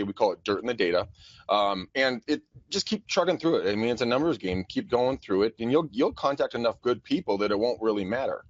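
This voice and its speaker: Man co-host in his 40s, energetic and profane, dry dull-sounding mic. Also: lowish voice, dry recording. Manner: energetic, profane, laughs often. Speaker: podcast co-host, real estate agent. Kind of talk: casual chat. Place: office.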